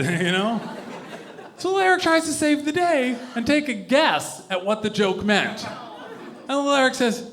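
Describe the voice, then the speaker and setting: Male stand-up comedian, animated storyteller with a lively, swooping delivery. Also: sits high. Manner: loose storytelling with casual swearing.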